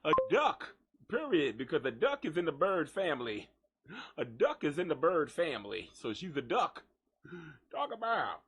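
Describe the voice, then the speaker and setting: A man hosting a live gossip show, joking and cursing in an animated, mocking way. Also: a little high, normal speed, slightly rough. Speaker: host. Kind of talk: live gossip radio talk.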